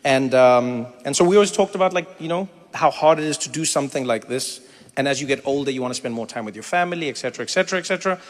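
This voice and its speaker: A man in his forties from South Africa doing stand-up and crowd work, animated and acting out little voices as he talks, laughing along with the room. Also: medium pitch, fast, in a large hall. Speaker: comedian. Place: comedy venue with a live audience.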